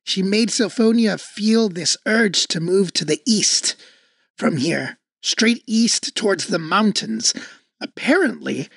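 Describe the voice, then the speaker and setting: A woman's voice: mid-range voice, expressive, slow, gravelly, husky, dry recording, clean studio sound. A woman playing a tabletop game, earnest and giggly as she plays her character. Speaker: player. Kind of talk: casual tabletop role-play.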